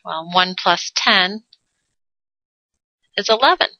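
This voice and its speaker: A woman's voice: fairly low pitch, lively intonation, takes it slowly, sharp tone, dry recording. A woman teaching a math lesson in a playful way, adding silly sound effects and jokes. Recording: dull lo-fi dry recording.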